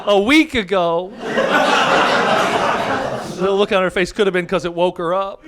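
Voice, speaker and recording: Brash high-voiced American comic, loud crowd. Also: male voice, steady tone, unhurried, very noisy. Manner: brash, crude punchline delivery. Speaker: stand-up comedian. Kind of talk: stand-up comedy set. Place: comedy venue stage before a live audience. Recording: live set drowned by loud crowd laughter.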